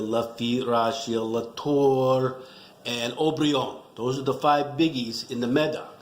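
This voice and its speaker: A middle-aged man with a gravelly, rough-edged voice, rambling through a joking, self-mocking rant. His pitch swings up and down freely as he riffs, and the sound bounces around an echoey room. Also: slight background noise. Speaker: wine vlogger. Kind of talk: casual comedic rant.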